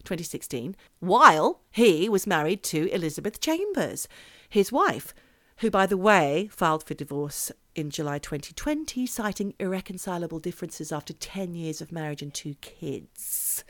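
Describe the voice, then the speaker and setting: A woman's voice: fairly low pitch, animated, normal speed, fairly bright tone, no echo, clean studio sound. A woman co-hosting a podcast, telling a story in a chatty, jokey way with casual swearing and asides. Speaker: podcast co-host. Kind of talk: casual chat, storytelling a true-crime topic.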